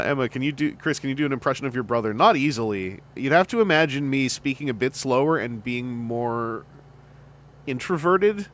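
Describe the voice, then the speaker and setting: A man's voice: medium pitch, fairly bright tone. A man hosting a podcast, chatting casually in a rambling, joking way. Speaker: podcast host. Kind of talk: casual chat.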